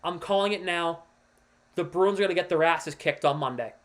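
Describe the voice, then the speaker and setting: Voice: mid-range voice, moderate pace. A livestream host and devoted hockey fan giving casual, emphatic commentary, walking viewers through a play on screen and ranting about the team's losses.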